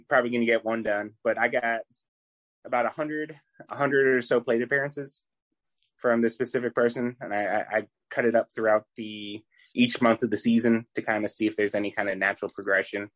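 A man co-hosting a casual podcast, talking in a relaxed, laid-back way with small chuckles. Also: mid-range voice, no room sound, rough recording. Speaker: podcast co-host. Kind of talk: casual chat.

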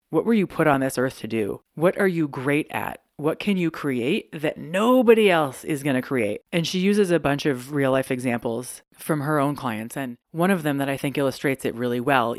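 Brief: candid, chatty solo podcast host, mid-pitched voice, close and dry. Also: dry recording. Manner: chatty and candid, laughs often.

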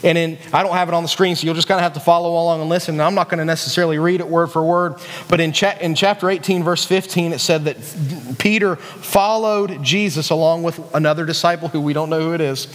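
A West Virginian man preaching in a church hall, his voice high and carrying a long reverb. He talks in a loose, conversational way, restarting sentences and tossing asides to the room. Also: fairly bright tone. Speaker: youth pastor. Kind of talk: sermon.

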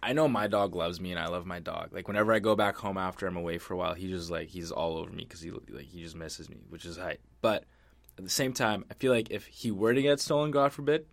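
A man's voice: deep voice, quick pace, creaky. A man co-hosting a podcast in casual chat, laid-back and swearing freely. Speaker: podcast co-host.

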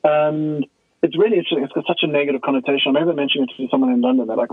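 A man as a guest expert, explaining in a casual, animated way and acting out quoted dialogue. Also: on the high side, racing, dry recording. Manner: animated storyteller who acts out quoted dialogue. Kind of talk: conversational podcast explanation. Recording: tinny phone line, dry.

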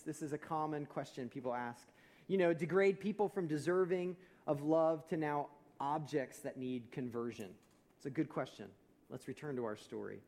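Animated male pastor preaching. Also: a little high. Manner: animated, acts out quoted voices, rising to emphatic peaks. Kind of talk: sermon.

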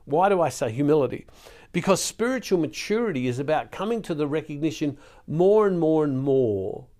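A man's voice: on the high side, expressive, brisk, warm tone. A man giving an earnest devotional sermon as a Catholic preacher, pleading with his listeners and often repeating words as he goes. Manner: earnest, pleading, emotional at times.

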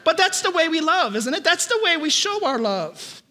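A man preaching a sermon, telling a family story with lively, animated delivery and frequent repeated starts. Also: very high voice, moderate pace. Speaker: pastor.

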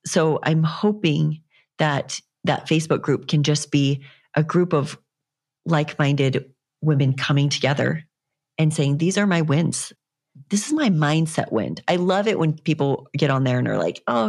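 Low, gravelly-voiced woman podcaster. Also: measured pace, darkish tone. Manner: earnest, encouraging, rambling. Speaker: fitness coach and podcast host. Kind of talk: casual solo podcast monologue.

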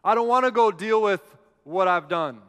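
Preacher voicing a whiny reluctant man, high pleading tone, hall reverb. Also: expressive, a little slow, fairly bright tone, clear, resonant tone.

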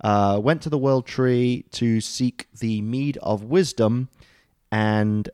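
A man's voice: medium pitch, slow pace, darkish tone, smooth, dry recording, studio quality. A man co-hosting a podcast in a loose, joking way, with many ums and uhs and casual swearing. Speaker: podcast co-host explaining mythology.

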